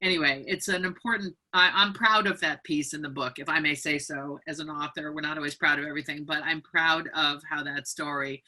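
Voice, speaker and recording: A woman's voice: low voice, a little fast, few pauses. A woman author speaking as a guest over a video call, animatedly telling a story and reading from her book. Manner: animated, acts out other people's voices.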